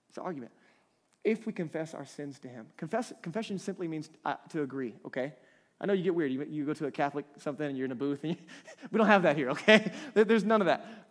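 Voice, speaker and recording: Animated, laughing preacher man. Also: a little high. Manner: conversational, animated, laughs between points. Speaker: pastor. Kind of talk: sermon.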